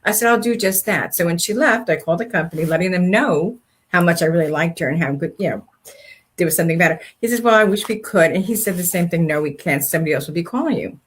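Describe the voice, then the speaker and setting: Husky-voiced older woman telling stories. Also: on the low side, fast talker. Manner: animated storyteller, acts out quoted speech. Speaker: co-host. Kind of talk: faith-based casual chat.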